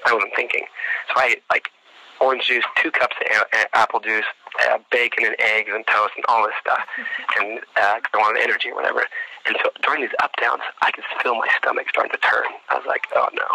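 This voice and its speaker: A young man telling an animated casual anecdote, with frequent restarts and acted-out quotes. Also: mid-range voice, creaky, breathy edge, no echo, low-quality recording. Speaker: storyteller.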